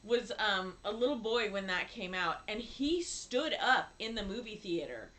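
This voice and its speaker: A woman in her fifties co-hosting a casual chat, laughing often and acting out quotes with big jumps in pitch. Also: animated, unhurried, bright, forceful tone, rough recording. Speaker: podcast co-host.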